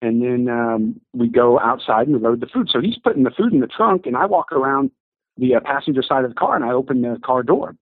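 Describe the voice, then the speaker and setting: A man telling an animated story of faith as an interview guest, acting out the voices of the people he quotes. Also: mid-range voice, a little fast, husky, no echo. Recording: dry, tinny phone-like audio.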